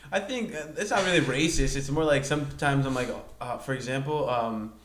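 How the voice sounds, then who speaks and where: A man's voice: mid-range voice, brisk, a little hiss or hum. A young man with family from El Salvador, chatting casually on a podcast and dropping joking asides. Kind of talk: casual chat. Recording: echoey room.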